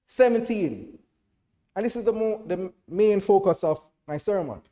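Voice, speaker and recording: A Jamaican man preaching a sermon to a congregation in church, checking that everyone follows and rising to loud, emphatic declarations. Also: high voice, lively intonation, unhurried.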